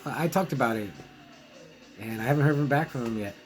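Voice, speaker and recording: Faint music plays behind a man speaking fast in a medium pitch, and the recording quality is low. He edits a zine and reviews movies; in this casual vlog monologue he reads fan letters and chats hesitantly, rambling with fillers and restarts.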